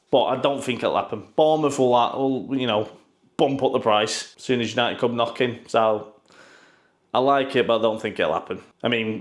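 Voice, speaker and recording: A man giving casual, sarcastic football news commentary, full of swearing and mocking asides. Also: medium pitch.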